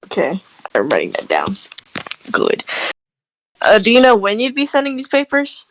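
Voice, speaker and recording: A woman playing a tabletop game, chatting in a giggly, animated way. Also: a little high, normal speed, slight background noise, low-quality recording. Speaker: player. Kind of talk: casual tabletop role-play.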